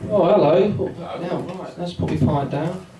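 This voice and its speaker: A man's voice: sits high, a little slow, far from the mic, very noisy. A young man in his twenties from England doing a rambling, self-mocking stand-up set and bantering with the crowd. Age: 20s. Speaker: stand-up comedian. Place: pub function room with a live audience. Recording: echoey pub room recorded from afar. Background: audience laughter and chatter.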